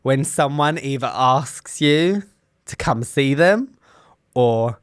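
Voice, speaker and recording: A British man co-hosting a casual comedic chat, animated and laughing often as he mocks put-on voices. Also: medium pitch, takes it slowly, smooth. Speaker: podcast co-host, teacher.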